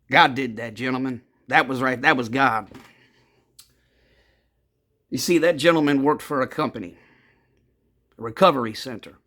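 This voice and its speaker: Gravelly man telling a rambling story. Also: medium pitch. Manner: rambling, blunt and profane, addresses listeners as gentlemen. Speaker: vlogger telling his own story. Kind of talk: casual personal storytelling.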